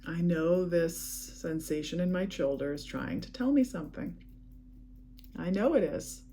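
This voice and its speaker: A woman leading a guided EFT tapping session, speaking calm, repetitive affirmations. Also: lowish voice, unhurried, a little hiss or hum.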